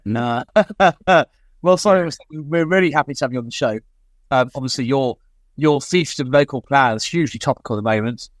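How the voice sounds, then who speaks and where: Halting male host on a video call. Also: medium pitch, dry recording. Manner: friendly, halting, filler-laden. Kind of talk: hosting a casual online panel show.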